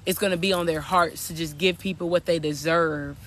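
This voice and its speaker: High-voiced man giving a spiritual reading. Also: steady tone, brisk, a bit bright, a little hiss or hum. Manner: preachy, repetitive, addresses viewers as y'all. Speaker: spiritual coach.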